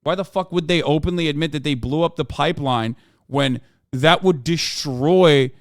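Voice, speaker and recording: A man's voice: fairly high pitch, moderate pace, no room sound, clean studio sound. A man streaming live, reading news articles aloud and breaking off into sarcastic, profane, heated commentary.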